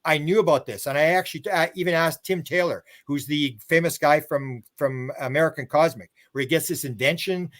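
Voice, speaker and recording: A man's voice: a little high, a little fast, hardly any pauses, a bit bright. An older man, a guest author and researcher, telling long rambling stories in a casual interview. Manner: rambling storyteller who acts out other people's words.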